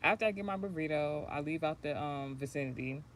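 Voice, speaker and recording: A woman's voice: deep voice, a little fast, noisy background. Rambling, profane woman telling a story. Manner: rambling, profane, laughs often. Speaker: spiritual channel host. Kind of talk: casual livestream storytelling.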